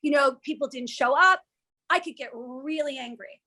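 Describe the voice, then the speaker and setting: A woman's voice: high voice, moderate pace, sharp tone. A woman speaking as an interview guest, a matchmaker and TV producer. She tells stories candidly, acts out quoted lines and swears freely.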